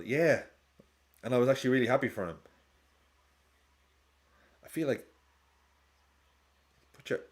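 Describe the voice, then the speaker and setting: A man with a casual, rambling manner, chatting and laughing often as he hosts a live football watch-along stream. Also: low-pitched.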